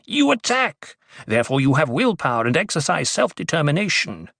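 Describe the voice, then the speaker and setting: A man's voice: measured pace, no room sound, studio quality. A man voicing a spiteful, scheming male dwarf with a whining voice and taunting chortles, read as an audiobook character. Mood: gleeful. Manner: chortling, taunting, sudden high squeals.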